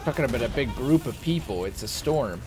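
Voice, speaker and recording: A man's voice: medium pitch, fairly quick, noisy background. A man chatting casually and bluntly on a gaming stream, swearing freely, with game music playing behind him. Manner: blunt, profane, animated. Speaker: stream co-host. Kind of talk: casual chat while gaming.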